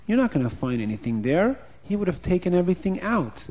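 Steady sensible king weighing it all out, lively ups and downs, storyteller voicing him. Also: high voice. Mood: measured. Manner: measured, reasoning. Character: calm fair-minded king.

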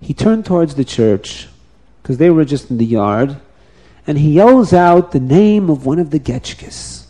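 A man telling a folk tale aloud, animated and repeating phrases, now and then restarting words. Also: on the high side, a little slow. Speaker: storyteller.

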